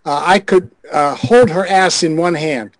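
An older man with a voice on the high side speaks at a measured pace as a guest on a group video call. A former adult film director, he shares a frank show-business anecdote with wry chuckles. The low-quality recording has no echo.

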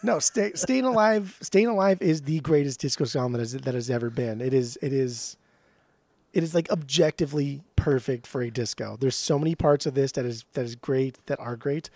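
Brief: male podcast co-host, loud and emphatic, swears, leaps up in pitch when fired up, dry booth sound. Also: normal speed, no room sound. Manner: emphatic, swears a lot, jumps high in pitch when excited. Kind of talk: casual chat.

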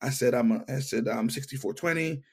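A man's voice: mid-range voice, fairly quick, husky. A middle-aged man in an interview, telling his testimony and acting out the lines of the people in it. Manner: animated storyteller, acts out dialogue. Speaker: interview guest.

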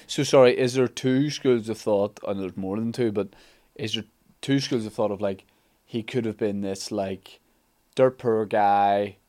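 A man's voice: fairly low pitch, measured pace, darkish tone. A man co-hosting a casual podcast, asking curious questions.

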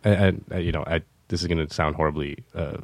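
Low-voiced young guy, earnest and halting, guest in a dry studio chat. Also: fairly even intonation, gravelly, a little mellow, dry recording. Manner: hesitant, many restarts, earnest explaining. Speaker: podcast guest. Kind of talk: casual conversation.

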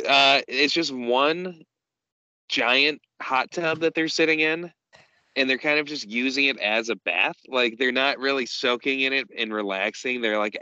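A man co-hosting a podcast, recapping a show in casual chat with dry, deadpan humor. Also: medium pitch, clean tone, no room sound, muffled recording. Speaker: podcast co-host. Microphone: podcast microphone.

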